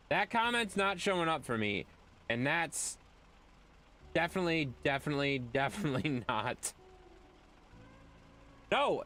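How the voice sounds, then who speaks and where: Animated male game streamer. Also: fairly high pitch. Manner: animated, talks to chat, playful repeated phrases. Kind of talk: casual live-stream chat.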